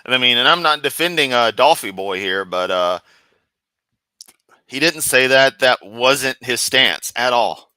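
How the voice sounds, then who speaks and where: A man streaming sarcastic comedic commentary while reacting to a video, mocking in a deadpan way. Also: medium pitch, a little slow, clean tone, dry recording.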